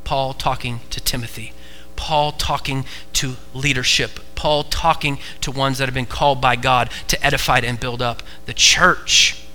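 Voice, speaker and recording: An American man preaching a sermon to a congregation, emphatic and repetitive, moving between hushed stretches and fervent ones. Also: medium pitch, steady tone, measured pace, soft background music, poor audio. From United States. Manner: emphatic, repeats key phrases, swings from hushed to fervent. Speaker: pastor. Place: church before a congregation.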